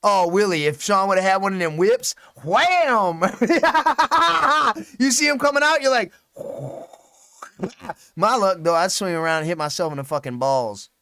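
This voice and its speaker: A man's voice: sits high, animated, unhurried, creaky, sharp tone, clean tone, no echo, clean studio sound. A man hosting a casual live stream, rambling, swearing freely and laughing often. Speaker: livestream host.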